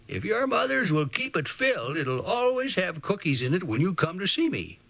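A man reading aloud, voicing a gentle, white-whiskered old man who speaks quietly with a trembling voice. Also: sits high, big pitch swings, vocal fry, no room sound, full character voice. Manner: quiet, slow and earnest.

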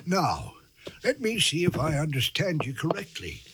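A man acting as a gentle, hospitable older country doctor who talks in a soothing, old-fashioned way in a radio drama. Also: fairly high pitch, wildly swooping pitch, moderate pace, slight background noise, heavily acted.

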